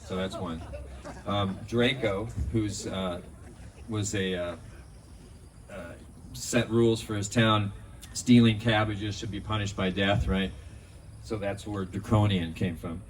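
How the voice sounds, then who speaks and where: Male eulogist, slightly low voice, chatty and rambling, picked up from a distance outdoors. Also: fairly even intonation, takes it slowly. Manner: rambling, anecdotal, many fillers. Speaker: speaker at a memorial. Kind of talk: storytelling memorial tribute. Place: outdoors in a park. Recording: distant mic outdoors, faint background noise.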